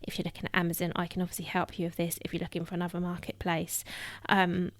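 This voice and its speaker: A woman's voice: on the low side, completely flat delivery, fast talker, no room sound. A woman hosting her own podcast alone, chatting in a loose, filler-heavy way and sounding a little out of breath. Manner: chatty, full of "um" fillers and restarts. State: somewhat out of breath. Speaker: podcast host. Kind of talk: solo podcast talk.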